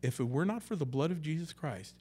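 Man preaching with big loud-soft swings. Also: a little high, animated, a little fast, breathy edge. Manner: conversational, swings between loud and hushed; acts out quotes in character voices. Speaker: pastor. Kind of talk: sermon.

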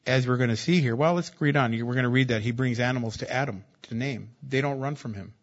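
A man's voice: mid-range voice, fast, highs cut off. A man preaching a sermon as pastor, in a conversational, joking style that repeats key phrases.

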